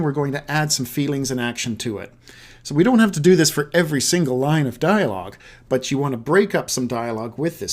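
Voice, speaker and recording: A man giving a recorded video lesson on writing, explaining conversationally with rhetorical questions and examples, often restarting and repeating words mid-sentence. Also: fairly high pitch. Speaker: writing teacher.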